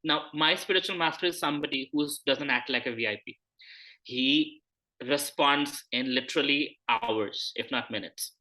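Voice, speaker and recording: A man's voice: mid-range voice, normal speed, pushed and bright. A man giving a conversational scripture talk, acting out quoted dialogue as he tells a personal story. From India. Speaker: spiritual teacher.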